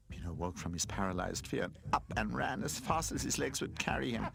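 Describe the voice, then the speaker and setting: A man narrating a children's storybook aloud in an expressive, animated reading. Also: on the low side, fairly quick, vocal fry, few pauses, breathy edge.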